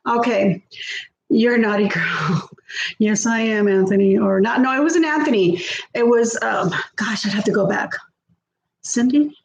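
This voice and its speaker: A chatty middle-aged woman talks to her viewers while cooking at home, often laughing and reading their comments aloud. Her voice sits high, and the kitchen echoes around her. A faint hum of ambience sits under her voice. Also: moderate pace, gravelly. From South Texas. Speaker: vlogger. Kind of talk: casual chat while cooking.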